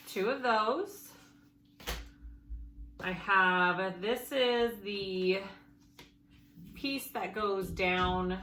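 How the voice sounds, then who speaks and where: A bright-voiced woman walks through a sewing project in an easygoing, chatty way, thinking aloud and correcting herself as she checks her pieces. Her voice carries a noticeable room echo, with a faint hiss of noise behind it. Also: medium pitch. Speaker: sewing tutorial host. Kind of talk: casual sewing tutorial.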